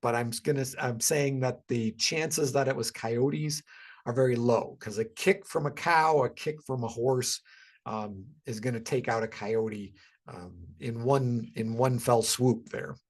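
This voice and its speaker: Male presenter, mid-pitched, chatty webinar delivery with frequent ums. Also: a little slow. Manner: conversational, many ums and restarts. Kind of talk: casual educational talk.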